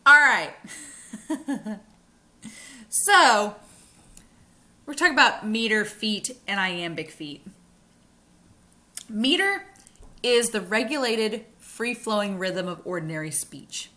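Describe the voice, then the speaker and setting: A woman teaching a recorded college English class, her voice bright and ringing. She explains poetry terms in an upbeat, chatty way. When she reads verse aloud she slows down and stresses the beat. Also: mid-range voice, big pitch swings. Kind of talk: recorded lecture.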